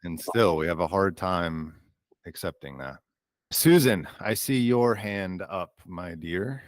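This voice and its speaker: A man hosting a group video call, talking slowly and gently, affirming the participants. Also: sits low, expressive, dry recording. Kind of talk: warm reflective group facilitation.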